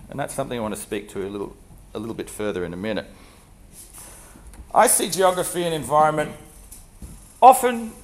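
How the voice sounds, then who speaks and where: A man with a cold delivers an academic seminar talk. His voice is husky, and he speaks in a measured way, often pausing on fillers. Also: medium pitch. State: has a cold, coughing. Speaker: guest lecturer.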